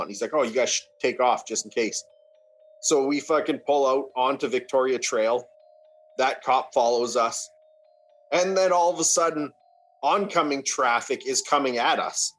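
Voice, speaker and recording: A young man from Canada telling a wild story in casual podcast chat, swearing freely and acting out the shouting. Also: medium pitch. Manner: animated, swearing, acts out shouts.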